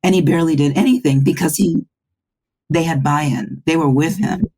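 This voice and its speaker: A woman's voice: sits low, moderate pace, warm tone, breathy edge. A woman who is a guest audiobook narrator, talking in a roundtable conversation. She stammers and restarts phrases as she builds her point.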